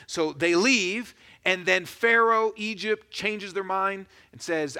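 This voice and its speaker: Man, pastor, sermon, bright forceful voice, slightly high pitch, conversational storytelling. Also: moderate pace.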